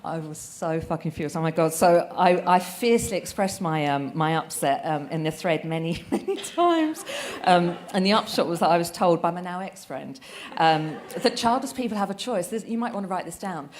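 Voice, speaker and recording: A woman's voice: fairly low pitch, animated, moderate pace, a little mellow, slight background noise. A woman speaking at a live event, sarcastic and sweary, laughing often as she talks. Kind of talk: comic stand-up style talk. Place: event hall with audience. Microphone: handheld mic.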